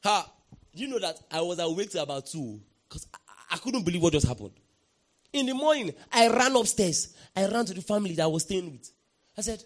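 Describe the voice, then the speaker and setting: A man with a fairly high voice preaches a sermon in an emphatic way. He keeps asking the congregation to answer back and breaks into sudden shouts. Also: big pitch swings, a little fast. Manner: emphatic, calls for congregation response, bursts into shouts. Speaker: pastor.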